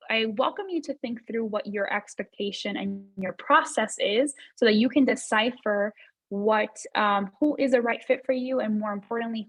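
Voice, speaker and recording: A woman's voice: medium pitch, a bit bright, no room sound, poor audio. Woman presenting a business workshop, dry sound. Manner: conversational, many fillers and restarts, repeats for emphasis.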